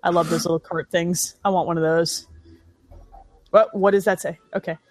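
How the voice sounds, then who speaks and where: A woman riffs on a film with a friend as a co-host, giving sarcastic, profane running commentary and mocking the movie. Her fairly low voice is a little mellow, with a steady tone at normal speed.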